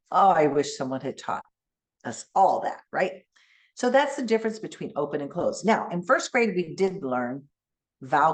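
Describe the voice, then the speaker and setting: Animated bilingual woman teaching phonics. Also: lowish voice. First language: Spanish. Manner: animated teacher voice, modeling sounds slowly. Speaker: keynote speaker. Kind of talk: conference keynote with classroom demonstration.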